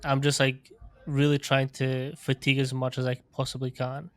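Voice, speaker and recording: A man who works as a strength coach, explaining his training in casual podcast talk, filling pauses with "like" and "um". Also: medium pitch, no echo. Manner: even, filler-heavy explaining with frequent "like" and "um".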